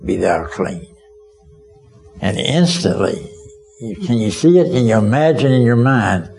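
A man's voice: mid-range voice, lively intonation, moderate pace, vocal fry, a little mellow, rough recording. A man preaching a sermon as a vivid story, speaking as a witness and asking his listeners directly whether they can see it.

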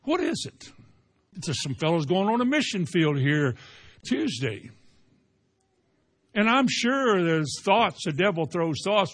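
A man preaching a sermon, firing rhetorical questions and swinging from slow loud emphasis to quiet asides. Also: on the high side, big pitch swings.

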